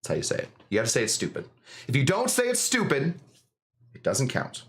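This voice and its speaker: A man's voice: medium pitch, huge pitch swings, brisk, fairly bright tone. Rambling man hosting a live stream. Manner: rambling, filler-heavy, jokey. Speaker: host of a live cocktail show.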